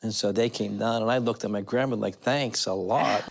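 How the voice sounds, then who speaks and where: A man giving a personal testimony in an interview, telling his story as an animated storyteller who acts out the voices of others. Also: on the low side, moderate pace, creaky, slight background noise. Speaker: faith healer telling his story as a guest.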